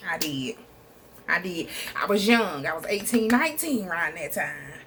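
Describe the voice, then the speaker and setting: A young woman from Texas with a Southern US accent telling a casual storytime vlog, animated and profane, calling the viewer "girl", recorded on a phone. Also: on the low side, moderate pace, a little hiss or hum. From Texas, USA.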